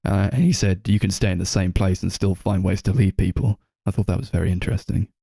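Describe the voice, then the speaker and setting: A man's voice: low-pitched, quick pace, creaky, dark tone, breathy edge, no room sound. A man co-hosting a casual film podcast, talking in a rambling way full of fillers and quoted asides. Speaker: podcast co-host.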